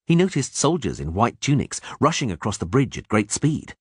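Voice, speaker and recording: A man narrating an audiobook in a lively, dramatic reading style. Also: mid-range voice, normal speed, slightly rough, dry recording. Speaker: audiobook reader.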